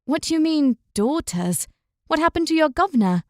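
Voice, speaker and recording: Woman playing a sharp, spirited young noblewoman. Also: sits high, very animated, moderate pace, no room sound, studio quality, voice pushed up. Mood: indignant. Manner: sharp, indignant.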